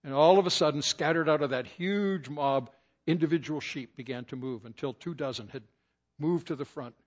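A man's voice: fairly high pitch, normal speed, dull audio. An older man preaching a sermon, telling stories and quoting scripture with rising emphasis. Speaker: pastor.

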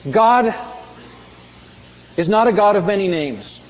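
Emphatic high-voiced male preacher in a reverberant hall. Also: animated, takes it slowly. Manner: emphatic preaching, dramatic swings in pitch and volume. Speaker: pastor. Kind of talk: sermon. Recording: muffled sound with long hall reverb.

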